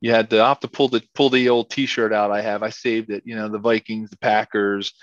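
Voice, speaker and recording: A man's voice: fairly low pitch, flat delivery, brisk, dry recording. Middle-aged man, ex-lineman guest, rambling storyteller, lots of restarts; dry, dull lo-fi audio. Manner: rambling, repeats words, many fillers. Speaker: former football lineman, guest. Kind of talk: casual interview storytelling.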